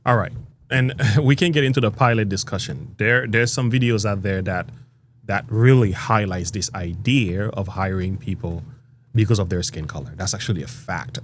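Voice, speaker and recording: A man with a fairly low voice hosts a commentary, leaning hard on his points and repeating short phrases to keep the listener with him. Faint background noise sits under his voice. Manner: emphatic, repeats himself, checks in with listeners. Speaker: commentary host. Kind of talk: media commentary.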